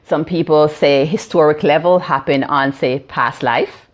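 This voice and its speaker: A woman's voice: sits low, a little slow. A Jamaican woman in her fifties, a healing practitioner explaining ideas on a phone live stream, with many fillers and "right?" check-ins. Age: 50s. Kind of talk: live-stream teaching talk.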